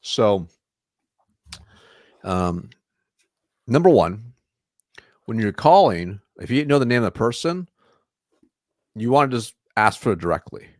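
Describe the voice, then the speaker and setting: Male sales coach, low register, dry close mic, patient instructive delivery. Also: a little slow, pauses often, no room sound. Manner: instructive, demonstrates calm flat phone lines. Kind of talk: coaching role-play on a podcast.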